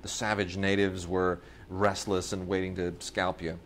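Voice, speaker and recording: A man with a lowish voice rambles through a casual podcast chat, stacking fillers and restarts as he goes. He sounds like a co-host reviewing releases. A faint hiss sits under the recording. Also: level tone, moderate pace, fairly bright tone. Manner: rambling storyteller, many fillers, mimics people in quoted bits.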